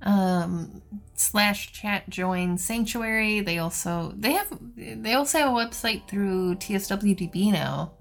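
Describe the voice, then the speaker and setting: A woman co-hosting a casual podcast, talking hesitantly with many pauses and ums. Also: medium pitch, vocal fry. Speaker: podcast co-host.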